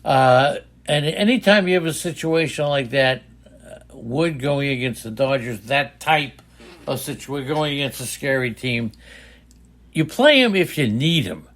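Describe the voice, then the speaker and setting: An older man with a high-pitched voice, co-hosting a casual fantasy baseball chat, teasing and rambling with fillers. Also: expressive, unhurried, a bit bright. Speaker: podcast co-host.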